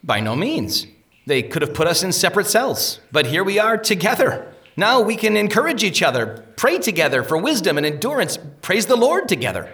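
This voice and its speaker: A man voicing a gentle, hopeful pilgrim who speaks in an encouraging way. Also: medium pitch, huge pitch swings, measured pace, few pauses, far from the mic.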